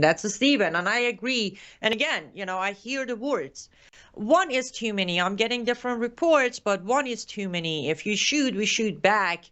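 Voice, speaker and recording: A woman's voice: mid-range voice, expressive, a bit bright. A woman from Iran with an Iranian accent, hosting a live commentary show and reading viewer comments with passion and emotion. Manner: impassioned, emotional, rapid restarts. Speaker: show host.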